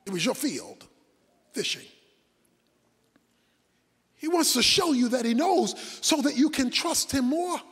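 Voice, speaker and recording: A man preaching a sermon, dramatic, swinging between loud shouts and hushed asides. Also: very high-pitched, big pitch swings, measured pace, pauses often, slightly rough, long reverb tail.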